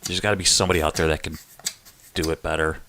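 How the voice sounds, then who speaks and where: A man's voice: a bass voice, steady tone, quick pace, noisy background. A man hosting a casual live chat stream, joking and laughing with viewers as he reads their messages. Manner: chatty and joking, laughs often.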